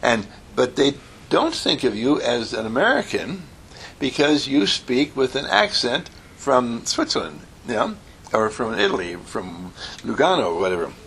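Gravelly, animated male teacher. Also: mid-range voice, a little slow, a little hiss or hum. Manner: animated, repetitive, chuckling asides. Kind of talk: informal spoken lesson to a small group.

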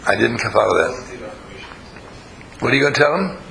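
Gravelly man coaxing a group. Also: medium pitch, lively intonation, moderate pace, crowd noise, low-quality recording. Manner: questioning, coaxing the audience; storytelling. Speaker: group leader teaching a class. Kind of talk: interactive talk to a live group.

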